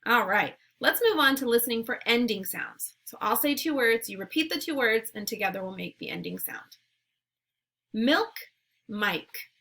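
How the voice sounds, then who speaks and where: A woman teacher leading a phonemic awareness lesson, saying words and sounds slowly and clearly, with short words of encouragement between drills. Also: on the high side, lively intonation, sharp tone. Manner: slow, clearly enunciated drills.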